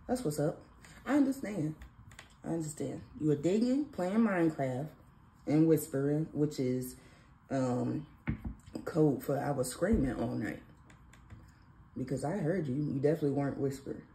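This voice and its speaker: This is a phone recording of a mother and vlog host teasing her son in a playful, sing-song way one morning at home, in an echoey room with faint noise behind. Her deep, mellow voice goes at a moderate pace and pauses often.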